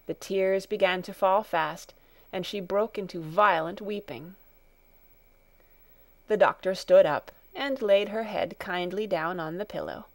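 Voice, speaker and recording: A woman narrating a classic children's story aloud in an even, measured reading. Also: medium pitch, no echo. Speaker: audiobook narrator.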